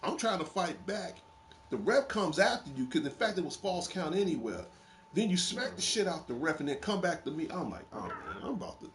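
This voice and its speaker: Slight background noise accompanies a gaming show host with a high voice and moderate pace. He shares wrestling game stories in a casual chat, animated, laughing and swearing freely.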